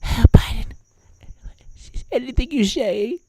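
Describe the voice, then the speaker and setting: A man doing a high, breathy, cooing voice that plays a doting media figure who coddles a leader. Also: expressive, slow, dark tone, dry recording, studio quality, heavily acted. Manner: breathy, cooing half-whisper.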